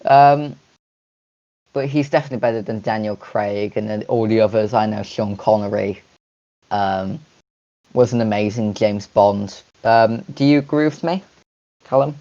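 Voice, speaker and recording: A man co-hosting a casual podcast, talking in a halting way with frequent pauses and restarts. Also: fairly low pitch, mellow, muffled recording. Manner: halting, many fillers and restarts. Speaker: podcast co-host.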